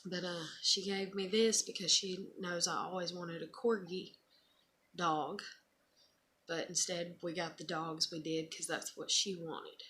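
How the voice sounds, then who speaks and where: A woman's voice: fairly low pitch, steady tone, unhurried, slight background noise. A woman in her thirties, a mother, casually chatting and reading her child's old letters aloud, rambling and emotional. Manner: rambling, soft-spoken, emotional. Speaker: vlogger, mother.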